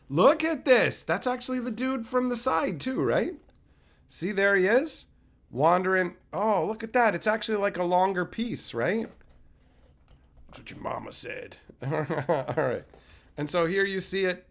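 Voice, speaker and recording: A man's voice: high-pitched, big pitch swings, a little slow. A man streaming casually as he opens card packs, joking crudely and chatting with his viewers. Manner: jokey and crude, chats with viewers. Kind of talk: casual live-stream commentary.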